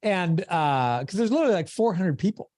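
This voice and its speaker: A man's voice: high voice, big pitch swings, fairly quick, a little mellow, dry recording, clean studio sound. A man giving a motivational coaching talk on a video call, with an emphatic, preacher-like cadence. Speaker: sales coach.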